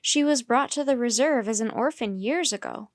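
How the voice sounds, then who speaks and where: A woman's voice: fairly high pitch, normal speed, dry recording, clean studio sound, close to an everyday voice. A woman voicing an earnest man who works at a rhino reserve, speaking with care.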